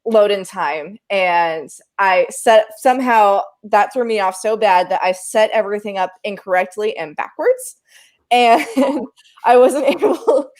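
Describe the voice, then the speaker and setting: Animated woman telling a sound-tech story. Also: medium pitch. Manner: animated, laughs often, self-deprecating. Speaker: live sound engineer. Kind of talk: casual podcast storytelling.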